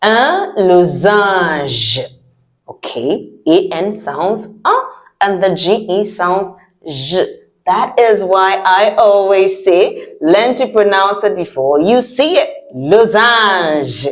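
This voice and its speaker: A woman runs a children's language lesson in a playful, sing-song, coaxing voice. Her pitch rises and falls a lot, and she speaks slowly. She drags the key words out for little ones to repeat. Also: expressive. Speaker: French teacher for children. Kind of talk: kids' repeat-after-me lesson.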